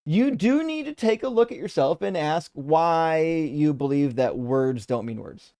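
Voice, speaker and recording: A man's voice: a little high, sing-song, moderate pace, hardly any pauses, mellow. A man hosting a live debate stream, chatting casually and reading out viewer comments, rambling with lots of restarts and casual swearing.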